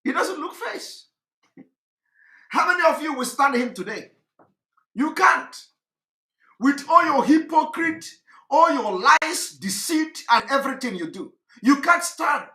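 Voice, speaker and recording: A man delivering an impassioned, mocking monologue, often shouting and repeating himself. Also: extremely high pitch, lively intonation, unhurried, long pauses, reverberant. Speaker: commentator.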